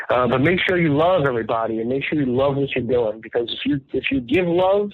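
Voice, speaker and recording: Husky New man over a phone line. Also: mid-range voice, quick pace, hardly any pauses, dry recording. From New York, the Bronx. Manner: earnest, animated storyteller. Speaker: restaurant owner, guest. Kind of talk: casual interview storytelling. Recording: tinny phone-line radio call, dry.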